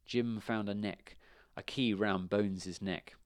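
A man reading a children's storybook aloud in a measured, expressive way. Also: fairly low pitch, smooth, dry recording, clean studio sound.

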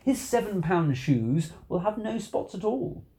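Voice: mid-range voice, sing-song, unhurried, warm tone, pitched above the performer's own voice. A storybook reader voicing a mischievous cat in a tall hat, playful and breezy in a sing-song manner. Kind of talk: storybook reading.

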